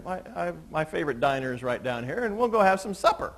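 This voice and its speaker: Male pastor, lively storyteller with a slightly high voice, church sermon. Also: fairly quick, few pauses. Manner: storytelling with laughs, acting out quoted voices.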